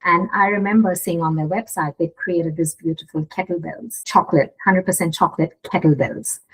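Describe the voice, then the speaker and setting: A woman guest in a casual interview, telling a story in a lively way. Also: lowish voice, moderate pace, slightly rough, poor audio. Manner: animated storyteller, acts out quotes. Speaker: guest, gifting studio owner.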